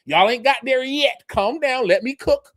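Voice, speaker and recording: A man voicing a calm, laid-back God, speaking in a hushed, soothing, casual way. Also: extremely high pitch, moderate pace, no room sound, studio quality, pitched above the performer's own voice.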